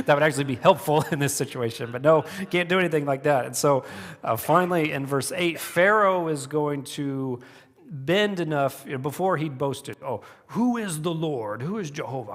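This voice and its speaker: A man preaching a relaxed, conversational sermon as a church pastor, voice sitting at an average male pitch. He talks through the text with fillers and lets small chuckles slip into his asides. A long reverb trails behind him, as in a church sanctuary.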